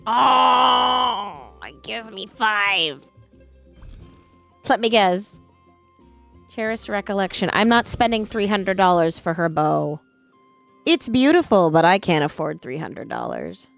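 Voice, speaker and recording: Gravelly-voiced woman chatting on a game stream. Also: lowish voice, sing-song, a little slow, faint music behind. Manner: chatty, talks to her pet and to herself. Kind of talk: casual live-stream chat.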